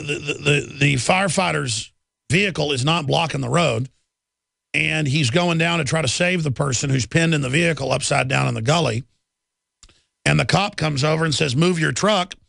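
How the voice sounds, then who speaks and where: A man's voice: on the high side, creaky, a bit bright, no room sound, studio quality. A man hosting a live talk radio show, ranting indignantly about the news and often restarting and repeating words.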